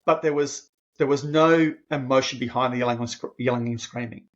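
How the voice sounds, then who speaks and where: A man in his 50s, appearing as a podcast guest, tells a personal story earnestly and emotionally, often restarting his phrases and growing animated when quoting himself. His medium-pitched voice is brisk, and the sound is lo-fi.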